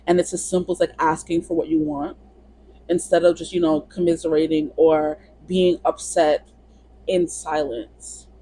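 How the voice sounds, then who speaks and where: A woman's voice: low-pitched, steady tone, moderate pace, mellow, slightly rough, poor audio. A woman giving a casual pick-a-card tarot reading in a chatty, rambling way. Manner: chatty, rambling, lots of "you know". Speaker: tarot reader.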